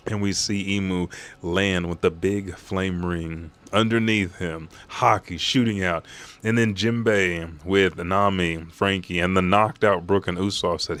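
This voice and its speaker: A man reading a manga chapter aloud on a live stream, excitable and profane, jumping into quick voices for the characters. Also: lowish voice.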